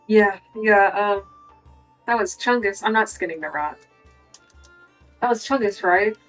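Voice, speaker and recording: A woman's voice: medium pitch, unhurried, soft background music, low-quality recording. A woman playing a tabletop game in a casual, blunt way, swearing and pressing with questions. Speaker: player. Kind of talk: casual tabletop role-play.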